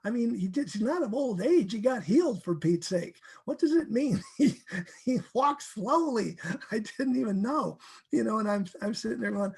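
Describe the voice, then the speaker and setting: A man teaching from the Bible in a casual, animated way, acting out verses and laughing often. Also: high voice, normal speed, creaky, husky.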